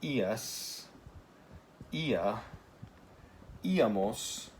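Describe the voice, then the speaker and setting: A man's voice: medium pitch, animated, drawn-out words, a little mellow, slight background noise. A man teaching a Spanish grammar lesson in a casual classroom style, often checking in with "okay?" and correcting himself as he goes.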